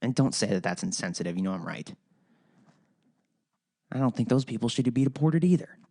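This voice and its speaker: Casting note: male podcast host, lively pitch, swearing rants, trips over words. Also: fairly quick. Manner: animated, profane, rambling ranting with frequent restarts. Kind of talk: solo podcast rant.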